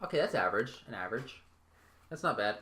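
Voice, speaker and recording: A man's voice: on the low side, very animated, fast talker, sharp tone. A man acting as game master, narrating a tabletop game in a casual, offhand way.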